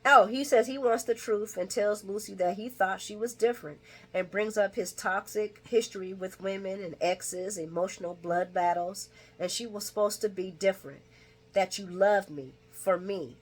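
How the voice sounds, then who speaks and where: A woman chatting casually through a recap, laughing often and acting out lines in a higher voice. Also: normal speed. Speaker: soap opera recap vlogger.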